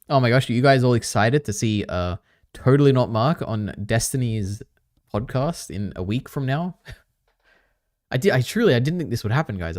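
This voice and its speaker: A man's voice: fairly low pitch, a little mellow, no echo, studio quality. A man chatting casually on a live stream, reacting to clips and rambling with lots of filler words. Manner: rambling, many fillers, chatty asides to chat.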